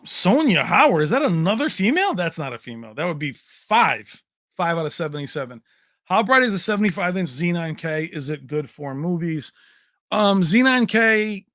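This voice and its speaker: A man's voice: fairly high pitch, fairly bright tone, no room sound, studio quality. Chatty man hosting a tech livestream. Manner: chatty, answers viewer comments, laughs often. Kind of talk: casual livestream chat.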